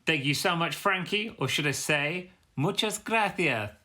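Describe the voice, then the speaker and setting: A man hosting a casual reaction video, animated and excitable, swearing freely. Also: a little high, normal speed. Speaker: host reacting to fan rap entries.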